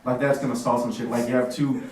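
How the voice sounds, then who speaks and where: A man's voice: mid-range voice, level tone, quick pace, a little mellow. Man doing stand-up, far off. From Sweden. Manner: loose, chatty, laughs at his own jokes. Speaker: stand-up comedian. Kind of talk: stand-up comedy set. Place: small café stage. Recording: roomy café recording from far off.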